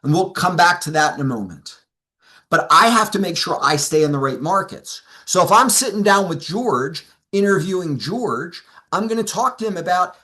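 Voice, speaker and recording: Lively high-voiced male sales trainer. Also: normal speed. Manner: animated storytelling, acting out both sides of conversations. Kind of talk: seminar talk.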